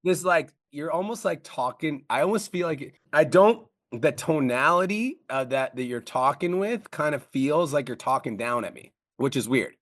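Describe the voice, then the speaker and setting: A man coaching on a call, blunt and profane, talking fast and pressing hard. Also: fairly high pitch, expressive, fairly bright tone, dry recording, studio quality. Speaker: business coach.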